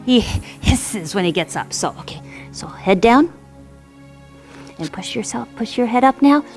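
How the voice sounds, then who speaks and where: A woman instructor gently guiding children through a yoga class with encouraging, sing-song cues. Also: on the high side, lively intonation, unhurried, faint music behind.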